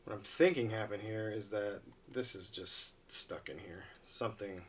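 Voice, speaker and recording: A man's voice: lowish voice, normal speed, a bit bright, recorded from a distance, a little hiss or hum. A man hosting a live stream, chatting casually and chuckling as he repairs a toy at his workbench. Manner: rambling, laid-back, chuckles often.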